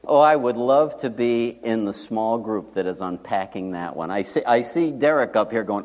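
Animated preacher in an echoing hall. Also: male voice, mid-range voice, moderate pace, hardly any pauses. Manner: conversational and animated, with rhetorical questions. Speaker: pastor. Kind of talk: sermon.

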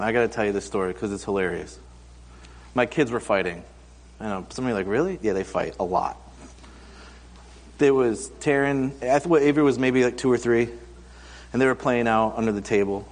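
A man in his thirties preaching a conversational sermon, telling stories and acting out quoted voices for humor. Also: medium pitch. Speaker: pastor. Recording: long hall reverb.

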